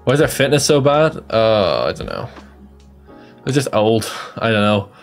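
A man's voice: medium pitch, normal speed, soft background music. A young Irish man giving casual, jokey live commentary on a game, self-deprecating and chatty. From Ireland. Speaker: streamer.

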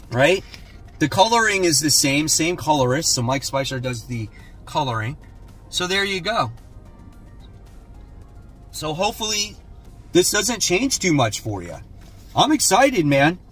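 Man, comic haul host, casual chat, husky voice, slightly high pitch, faint music behind. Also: a bit bright. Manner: laid-back, keeps saying "man", blunt opinions. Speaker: comic book channel host.

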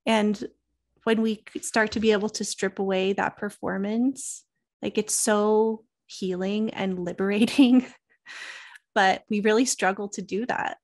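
A woman hosts a podcast interview, and her voice sits at an ordinary pitch. She offers affirming responses and reflects back on what her guest has said. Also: steady tone, measured pace. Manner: affirming listener, gentle reflective follow-ups. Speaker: podcast host. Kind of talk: warm conversational interview.

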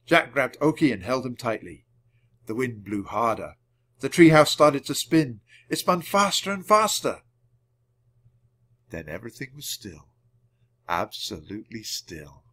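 A man reading a children's chapter book aloud, clearly and deliberately, for language learners. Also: mid-range voice, big pitch swings, a bit bright. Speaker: storybook reader. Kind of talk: storybook read-aloud.

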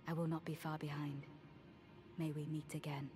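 An actress playing a devout female warrior guide who speaks in a measured, formal way, heard as game audio. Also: low voice, flat delivery, mellow, lightly acted. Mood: solemn. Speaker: game character. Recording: game audio with music behind. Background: music.

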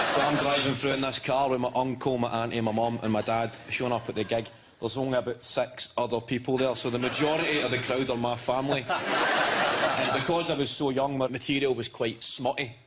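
A young Scottish man, a comedian guest on a chat show, telling stories in a deadpan way with dry jokes. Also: medium pitch, slight background noise. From Scotland. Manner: deadpan storytelling, dry jokes, laughs often.

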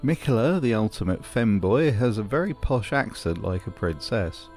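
A man's voice: on the low side, expressive, moderate pace, darkish tone, soft background music. A man narrating a video essay in a dry, wry tone. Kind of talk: scripted narration.

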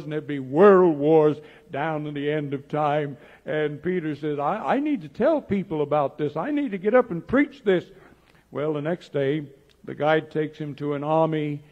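A male pastor preaching a sermon as a story, acting out the lines of its characters in his own voice. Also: fairly high pitch. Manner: acts out dialogue in plain voice, animated. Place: church sanctuary. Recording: dull old church audio with long reverb.

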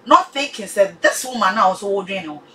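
A woman's voice: mid-range voice, expressive, fast talker, bright, forceful tone, poor audio. A woman with a Ghanaian accent giving her opinion in a casual chat, lecturing in a mix of pidgin-tinged English and Twi.

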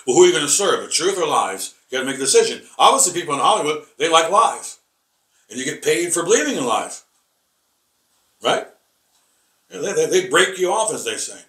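Halting preacher man in an echoey room. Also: on the high side, very animated, sharp tone, distant mic. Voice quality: halting, repeats words, many fillers. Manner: emphatic, combative preaching. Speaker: Bible teacher. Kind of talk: rambling Bible lesson.

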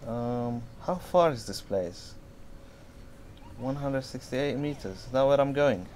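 Slow-talking, swearing male gamer. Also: medium pitch, slight background noise. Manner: swearing, excitable, talks back to game characters. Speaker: gamer playing through a game. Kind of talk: casual let's-play commentary.

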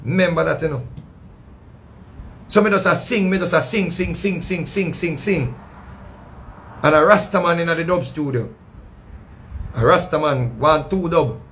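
Jamaican-accented male storyteller, fairly high voice, lively patois delivery, voices the people in the story. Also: unhurried, pauses often, slight background noise. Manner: animated, acting out what others said. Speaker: storyteller recounting a past show.

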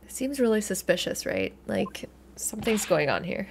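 A woman's voice: medium pitch, huge pitch swings, moderate pace, a little hiss or hum. A woman hosting a game playthrough, chatting and thinking aloud with a giggly, casual manner. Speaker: gaming channel host. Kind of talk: let's play commentary, reading dialogue aloud.

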